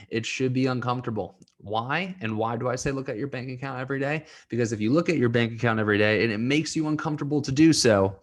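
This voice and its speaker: A young man hosting a solo podcast, talking earnestly and getting emotional, laughing through tears at times. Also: mid-range voice. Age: young adult. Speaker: podcast host and coach.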